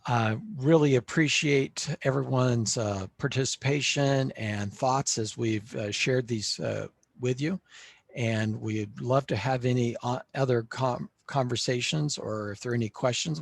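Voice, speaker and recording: A man presenting on school facilities to a panel in a webinar. He speaks in a measured way, with frequent "uh" fillers. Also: medium pitch, creaky, dry recording.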